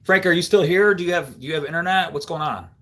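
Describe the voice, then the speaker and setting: A man's voice: on the high side, fast, a bit bright. A middle-aged man from Central New York hosting a live stream, telling a rambling story to his viewers in a casual way, full of fillers and easy laughs. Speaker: livestream host.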